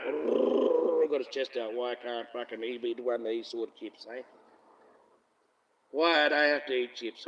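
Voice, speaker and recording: A livestream host with a medium-pitched voice talks casually into his phone, which picks him up from afar, leaving the audio muffled with slight background noise. He rambles, curses freely and laughs often.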